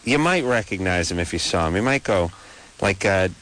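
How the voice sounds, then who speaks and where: A man's voice: low-pitched, expressive, moderate pace, a bit bright. Rambling, sarcastic radio host man. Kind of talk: late-night radio talk banter.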